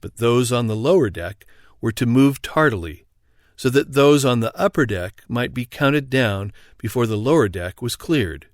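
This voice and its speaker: Guy reading an audiobook, even steady voice, dead dry sound. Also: mid-range voice, normal speed, dry recording. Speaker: audiobook narrator. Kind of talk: scripted narration.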